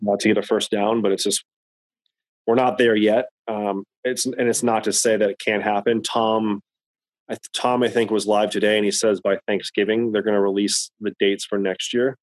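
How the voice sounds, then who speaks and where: A man with a lowish voice talks casually, rambling and circling back over his words. The sound is dry and close. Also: little pitch movement, normal speed, no echo, low-quality recording. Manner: rambling, repeats words while thinking. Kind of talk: casual chat.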